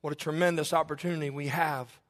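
A male pastor preaching a sermon to his congregation, swinging from low, soft asides to raised, near-shouted emphasis. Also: fairly even intonation, quick pace. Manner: varied delivery, drops low and soft then rises to near shouts.

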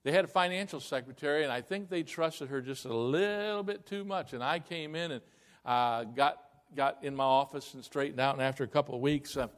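A man who is a pastor, telling a story in a sermon in a folksy, animated way and acting out the dialogue, heard in a church. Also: medium pitch, fairly quick. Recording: echoey hall with long reverb.

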